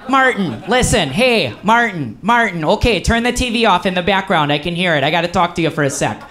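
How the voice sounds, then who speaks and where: A man's voice: high-pitched, animated, a little fast, bright, forceful tone, pitched above the performer's own voice. A middle-aged small-town uncle with a thick Wisconsin accent, folksy and sure of himself, as a man puts him on. He rambles on and keeps calling out names in a raised, eager voice. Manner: folksy, repeats name, long-winded.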